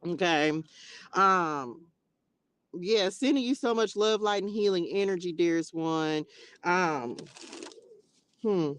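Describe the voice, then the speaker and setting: A woman's voice: lowish voice, slow pace, pauses often, clean tone, dry recording. Chatty woman livestream host, dry sound. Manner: chatty and expressive, calls viewers baby and child, bursts of laughter. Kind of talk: casual livestream chat with viewers. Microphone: tablet mic.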